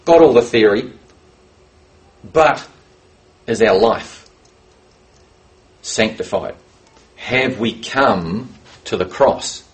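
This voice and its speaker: A man preaching a sermon, reading scripture aloud and stressing key words as he slows for emphasis. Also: lowish voice, expressive, low-quality recording.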